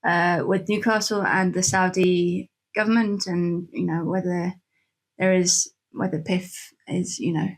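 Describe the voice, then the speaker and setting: A woman's voice: on the low side, steady tone, measured pace. A woman co-hosting a football podcast, thinking aloud in a thoughtful, hedging way. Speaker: podcast co-host. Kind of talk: casual football podcast chat.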